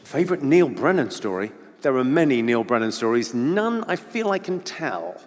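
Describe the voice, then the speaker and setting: A man's voice: mid-range voice, big pitch swings, moderate pace. A man with a British accent doing stand-up crowd work on a theatre stage, firing off dry quips and often breaking into his own distinctive laugh. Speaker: stand-up comedian. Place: large theatre stage with audience. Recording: live theatre with long reverb and loud noise.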